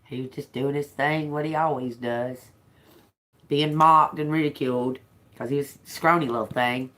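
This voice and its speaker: A woman's voice: very deep voice, normal speed. A woman doing a casual tarot reading, telling stories animatedly and swearing freely. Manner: animated storytelling, frequent laughter, profane. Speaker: tarot reader.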